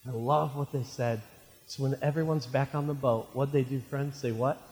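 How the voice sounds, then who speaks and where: A man in his thirties, a pastor preaching a sermon, asking the congregation questions and swinging between loud outbursts and quiet, hushed lines. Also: mid-range voice, fairly even intonation, normal speed. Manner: preaching with call-and-response questions, voice swinging from shouts to near hush. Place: church sanctuary. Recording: long hall reverb of a church.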